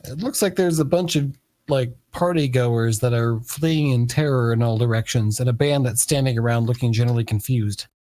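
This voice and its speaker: A man narrating as game master of a tabletop game, pausing often with fillers. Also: mid-range voice, mellow, dry recording. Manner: hesitant, many fillers.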